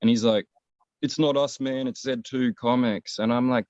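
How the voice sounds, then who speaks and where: A man's voice: medium pitch, fairly even intonation, moderate pace, darkish tone, no echo. A man, co-hosting a casual show and telling a long, rambling, profane story. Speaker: podcast co-host. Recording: dull, lo-fi, dry sound.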